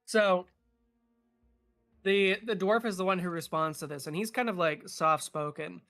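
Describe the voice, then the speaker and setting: Hesitant male game master, fairly high voice, dry close sound, faint music underneath. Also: measured pace, a bit bright, dry recording. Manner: hesitant, many filler sounds. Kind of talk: narrating a tabletop game.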